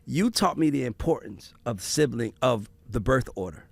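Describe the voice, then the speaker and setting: A man hosting a casual family conversation, telling stories in an animated, profane way. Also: mid-range voice, moderate pace, gravelly, dry recording. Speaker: podcast host.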